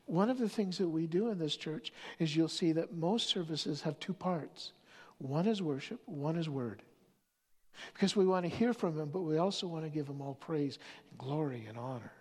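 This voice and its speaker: A pastor preaching a sermon, telling stories with many restarts, moving between loud stretches and near-whispers. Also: medium pitch, a little fast, few pauses. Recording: long hall reverb.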